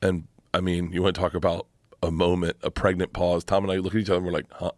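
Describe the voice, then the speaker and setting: A man, a podcast guest, telling a crude anecdote in an animated, casual way. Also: sits low, fast, dry recording, studio quality. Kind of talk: casual chat, storytelling.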